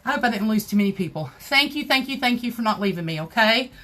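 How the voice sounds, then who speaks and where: A woman's voice: a little high, animated, fast talker, sharp tone. A woman, hosting a casual live crafting tutorial at home and chatting straight to her viewers. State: out of breath.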